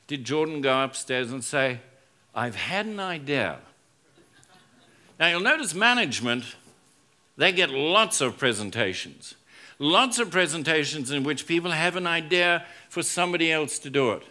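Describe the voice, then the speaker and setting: A man's voice: a little high, lively intonation, moderate pace, sharp tone. A man, a business school professor, giving a humorous conference talk to a live audience, telling stories and acting out quoted lines. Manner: storytelling, acts out quoted lines, jokes with audience.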